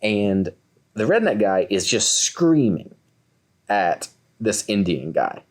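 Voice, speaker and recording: Lively young man telling a story. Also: lowish voice, takes it slowly. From Kentucky, USA. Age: 20s. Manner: animated, acts out quoted voices. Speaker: podcast co-host. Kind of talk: casual storytelling.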